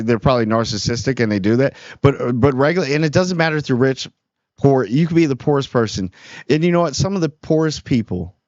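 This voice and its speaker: A small YouTube channel host, an earnest and preachy man, rambles through a casual unscripted monologue, restarting often. His voice is medium-pitched with a darkish tone, on a dull recording with no echo.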